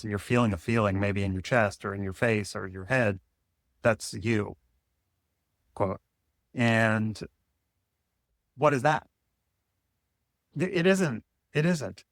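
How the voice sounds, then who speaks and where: A man's voice: lowish voice, slow, pauses often, dry recording, studio quality. A man talking alone to camera in a rambling, playful monologue that muses and questions, breaks off mid-thought and makes asides. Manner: musing, self-interrupting, playful asides. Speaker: vlogger.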